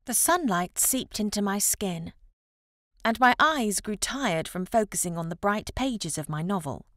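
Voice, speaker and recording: A woman narrating a novel in the first person, with expressive, measured storytelling. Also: mid-range voice, dry recording, clean studio sound. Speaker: audiobook narrator.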